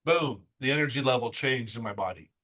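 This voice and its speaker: A middle-aged man hosting an interview, talking in excited bursts in a motivational chat. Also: mid-range voice, rough recording. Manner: excitable, talks fast in bursts. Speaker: interview host.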